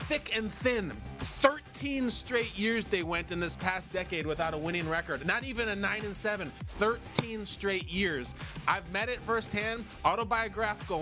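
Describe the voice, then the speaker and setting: A man in his forties co-hosting a sports talk show, making his points with emphasis and slowing down to stress them. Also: high voice, sharp tone.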